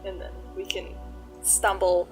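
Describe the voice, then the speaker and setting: A woman playing a tabletop game, softly describing her character's actions. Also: medium pitch, monotone, a little slow, soft background music. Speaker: player.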